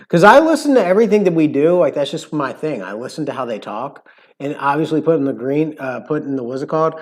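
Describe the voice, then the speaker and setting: A man's voice: fairly high pitch, expressive, fast. A man with a mild Florida Southern accent hosting a casual livestream, rambling with lots of fillers and restarts. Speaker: livestream host.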